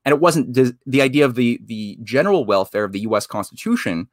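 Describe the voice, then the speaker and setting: A man's voice: mid-range voice, animated, fast, no echo, clean studio sound. Earnest man with long winding explanations. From Canada. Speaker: guest. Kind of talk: casual interview discussion.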